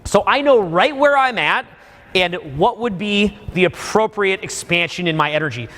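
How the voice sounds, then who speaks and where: A man coaching a live seminar audience, animated, suddenly bursting into loud acted-out examples. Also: high voice, normal speed. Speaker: dating coach. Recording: long hall reverb.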